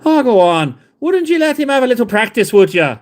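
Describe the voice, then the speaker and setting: A man's voice: extremely high pitch, big pitch swings, brisk, voice pushed up. A man doing a put-on Irish accent, playing a cheeky, scolding Irishman with an over-the-top sing-song lilt. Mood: coaxing.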